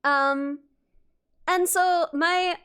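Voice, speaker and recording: High-voiced chatty young woman streamer. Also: fairly even intonation, very slow, a bit bright. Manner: chatty and rambling, frequent restarts and fillers, laughs often. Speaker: livestreamer. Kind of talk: casual chat with stream viewers.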